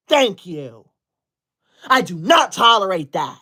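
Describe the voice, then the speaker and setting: A woman's voice: high voice, big pitch swings, unhurried, sharp tone. A woman, livestreaming from home on a laptop and reading viewer comments aloud in an indignant, scolding way. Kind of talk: casual live stream chat. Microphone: laptop setup.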